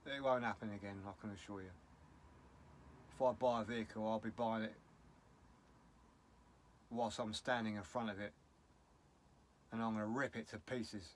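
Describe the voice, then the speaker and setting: A man's voice: lowish voice, fairly even intonation, normal speed, long pauses, slight background noise. A middle-aged man with a British English accent, talking in a casual vlog, upset and rambling bluntly. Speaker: vlogger.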